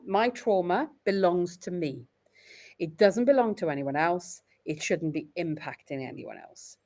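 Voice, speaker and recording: A middle-aged Welsh woman talking openly and reflectively as a parent in a podcast conversation. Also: fairly low pitch. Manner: earnest, reflective, expressive storytelling.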